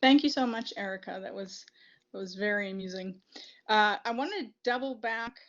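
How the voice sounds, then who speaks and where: A woman hosting a live-streamed reading event, speaking in a quiet, offhand way. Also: medium pitch, moderate pace. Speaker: event host. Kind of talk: casual hosting. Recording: muffled, distant live-stream audio.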